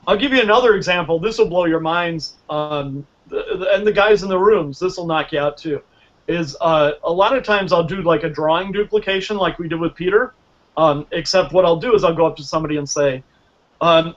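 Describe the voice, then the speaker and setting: Man, high-pitched, animated storyteller, acts out dialogue, dull lo-fi sound. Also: brisk. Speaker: guest mentalist teaching magic. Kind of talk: casual storytelling lesson.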